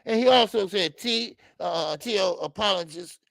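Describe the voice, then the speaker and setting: Gravelly man ranting on a live stream. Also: sits high, moderate pace, no echo. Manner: animated ranting with many stammered fillers. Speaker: boxing channel host. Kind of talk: live-stream chat reading viewer comments.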